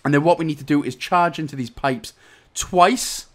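A young Welsh man narrates a game walkthrough, his voice on the high side and his pace moderate. He gives step-by-step instructions but keeps breaking off into jokey, rambling asides as he comments over the gameplay.

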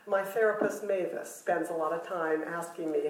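A woman's voice: fairly low pitch, fairly even intonation, normal speed. An older woman telling a personal story at a retreat, self-deprecating and humorous, laughing often. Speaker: retreat speaker. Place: retreat meeting room. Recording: roomy hall, mic far off.

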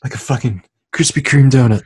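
A man's voice: medium pitch, a little fast, a little mellow, breathy edge. A young man co-hosting a crude, joking movie commentary podcast, often trailing off and restarting. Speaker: podcast co-host.

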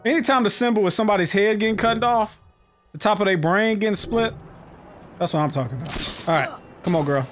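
A man commentating his own gameplay, excitable and profane, often yelling at the game. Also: sits high, fairly quick, faint music behind. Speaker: let's play host.

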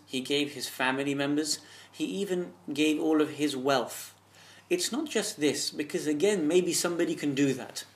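A man giving an earnest, impassioned religious talk, telling a story and asking rhetorical questions. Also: on the high side. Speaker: religious speaker.

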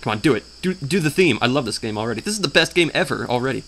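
A man's voice: mid-range voice, expressive, racing, a bit bright. A man giving crude, mocking commentary while playing a video game, humming the theme and trying out funny voices. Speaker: let's player. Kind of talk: casual gameplay commentary.

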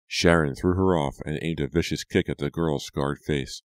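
A man narrating a horror audiobook in a dramatic, measured reading. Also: extremely low pitch, fairly even intonation, dry recording, studio quality.

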